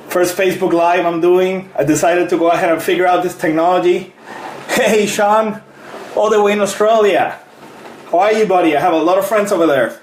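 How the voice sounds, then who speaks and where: A man, a fitness coach, chatting casually on a live stream, greeting viewers by name and laughing often. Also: sits high. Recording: roomy echo with faint noise.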